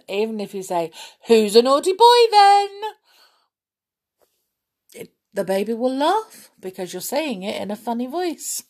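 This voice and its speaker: A woman reading a children's story aloud, gentle and chatty with asides. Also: mid-range voice. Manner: gentle, chatty asides, clears throat often.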